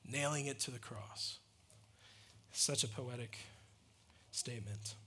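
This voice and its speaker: A man's voice: mid-range voice, sharp tone. A man preaching a sermon in an earnest, emphatic way, asking rhetorical questions and answering them. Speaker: pastor.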